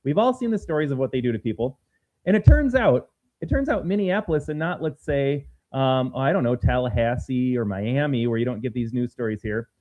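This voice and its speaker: A man co-hosting a political talk show, speaking in an animated, emphatic, sarcastic way. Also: medium pitch, brisk. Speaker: podcast co-host. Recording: phone-like narrow sound.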